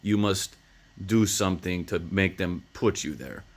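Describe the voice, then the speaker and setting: Man acting out a creepy, formal foreign heavy, low and slow. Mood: menacing. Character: creepy foreign male villain, cold, menacing.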